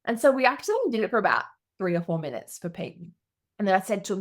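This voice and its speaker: A middle-aged woman, a coach telling stories on her podcast with lively, animated delivery. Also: fast talker. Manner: lively, animated storytelling with big pitch jumps. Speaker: business coach. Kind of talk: storytelling podcast monologue.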